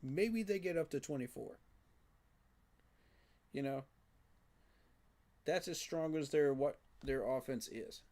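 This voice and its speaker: A man's voice: a little high, slow, long pauses, mellow. A man giving a frustrated, emphatic postgame reaction rant, repeating his points for emphasis. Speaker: sports fan commentator.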